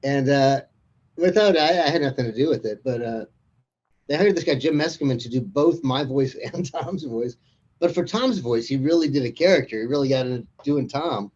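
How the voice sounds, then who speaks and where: Husky-voiced guy telling loose anecdotes, sounds kinda muffled and lo-fi, keeps chuckling. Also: medium pitch, normal speed, a little mellow. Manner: rambling, anecdotal, chuckles often. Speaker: author and interview guest. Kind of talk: casual conversation.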